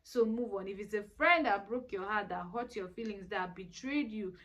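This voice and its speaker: A woman's voice: mid-range voice, normal speed, fairly bright tone. A woman in her twenties with a Nigerian accent, giving earnest, pleading life advice in a casual vlog. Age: 20s. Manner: earnest, exhorting, repetitive pleading. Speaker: vlogger. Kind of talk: casual advice talk to camera.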